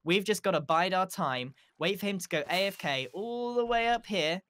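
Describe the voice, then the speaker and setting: A man's voice: high voice, expressive, normal speed, fairly bright tone, a little hiss or hum. A man chatting casually while gaming with a friend, playful and scheming. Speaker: fellow player.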